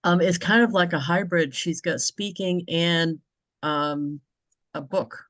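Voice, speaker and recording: A woman's voice: on the low side, slow, fairly bright tone, no echo. A woman from New England hosting a casual video-call chat, talking freely and laughing often. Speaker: host.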